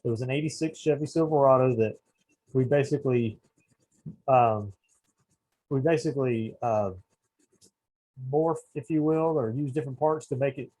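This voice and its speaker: A husky man chatting casually on a podcast. He rambles and stops to search for words, often trailing off into fillers. His pitch sits in an ordinary middle range. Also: moderate pace, pauses often, mellow, low-quality recording. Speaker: podcast co-host. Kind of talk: casual chat.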